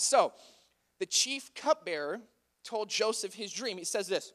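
A young man with a fairly high voice retells a Bible story as casual chat. He keeps it playful and conversational and fills it with "like" and "right?". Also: animated, a little slow, a bit bright. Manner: chatty, playful, often says "like".

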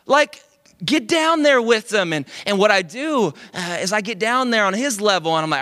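A young male pastor preaching into a microphone with a high, bright, forceful voice. He keeps it conversational and animated, tossing in casual asides and checking in with the congregation as he goes. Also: moderate pace. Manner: conversational, animated, with frequent "like" and "right?". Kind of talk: sermon. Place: church service. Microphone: speaking into a microphone.

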